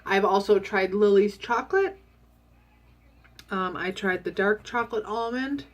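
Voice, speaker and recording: A woman's voice: medium pitch, measured pace, muffled recording. A woman vlogging a casual, candid diet update from home, chatty and full of ums. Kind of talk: casual chat.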